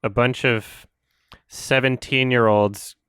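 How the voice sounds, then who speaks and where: A young man co-hosting a podcast, chatting casually in a quick, rambling, sarcastic way and laughing often. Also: medium pitch, steady tone, fairly bright tone, smooth, dry recording, clean studio sound. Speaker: podcast co-host. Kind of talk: casual chat.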